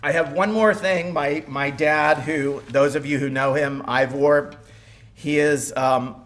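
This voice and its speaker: A man's voice: a little high, steady tone, slow pace, fairly bright tone. A man giving a eulogy at a funeral home as the son-in-law, speaking with wry humor and some stumbles.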